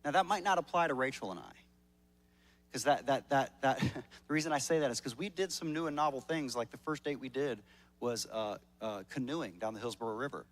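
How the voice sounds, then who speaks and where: A man's voice: mid-range voice, a little fast. A male pastor preaching a sermon at a church service in a conversational, joking way, often repeating words as he starts a sentence.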